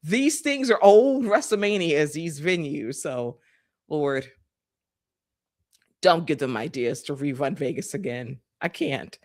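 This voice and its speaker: A woman co-hosting a podcast, recapping wrestling with animated, sarcastic, profane commentary. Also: low-pitched, slow, no echo, clean studio sound. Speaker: podcast co-host.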